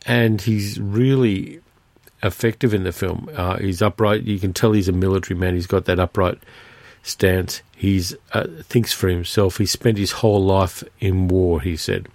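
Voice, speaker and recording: A man's voice: deep voice, steady tone, moderate pace, darkish tone, dry recording. A man hosting a film podcast, talking through a movie in a conversational, rambling way with many fillers and restarts. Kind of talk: casual spoken film review.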